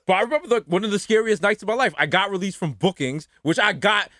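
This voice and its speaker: A man from the Bronx, telling stories on a podcast and jumping into high mocking voices for quotes. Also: fast, fairly bright tone, no room sound, studio quality. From the Bronx, New York. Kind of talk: storytelling.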